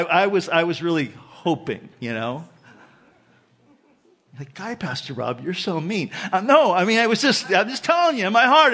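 Animated, high-voiced male pastor preaching. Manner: conversational, animated preaching with asides to the congregation. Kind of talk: sermon.

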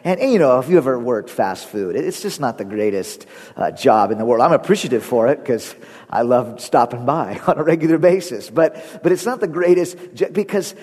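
A man's voice: mid-range voice, expressive, brisk, darkish tone, slightly rough. A man preaching a sermon as pastor, telling stories animatedly and laughing often. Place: church sanctuary. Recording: long reverb of a church hall.

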